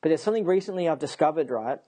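A man talking to camera in a rambling personal monologue, excitable and often repeating himself. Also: fairly high pitch, very fast, slightly rough. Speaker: vlogger.

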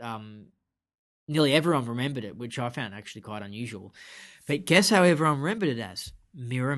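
A man talking straight to camera in an animated vlog monologue, full of rhetorical questions. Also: medium pitch. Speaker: vlogger. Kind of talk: excited explainer monologue.

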